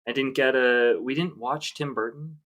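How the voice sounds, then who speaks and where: A man's voice: mid-range voice, moderate pace, a bit bright. Rambling man chatting on a podcast. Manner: rambling, hesitant, many fillers. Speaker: podcast co-host. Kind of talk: casual chat.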